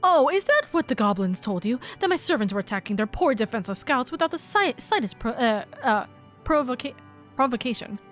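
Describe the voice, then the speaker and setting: A woman voicing a cranky, sharp-tongued old sorceress, reading game dialogue aloud and stumbling over some words. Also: on the high side, sing-song, brisk, soft background music. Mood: scolding.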